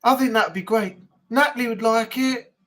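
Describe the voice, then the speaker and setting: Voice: medium pitch, fairly quick, fairly bright tone. A livestream host with a broad northern English accent chats casually to viewers. The talk rambles, with repeated words and plenty of fillers. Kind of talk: casual live chat.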